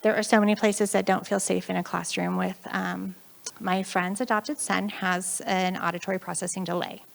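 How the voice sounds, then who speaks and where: A woman with an American accent giving a chatty, animated conference talk, often acting out the voices of the people in her stories. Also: mid-range voice, gravelly. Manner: chatty, animated, acts out quoted voices, frequent laughs. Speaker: conference speaker.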